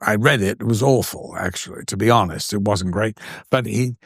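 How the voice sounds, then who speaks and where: An older man with an English accent, an actor and interview guest, telling anecdotes in an animated way and acting out the voices of the people in them. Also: fairly low pitch, fairly quick, slightly rough, dry recording, studio quality. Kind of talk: anecdotal storytelling.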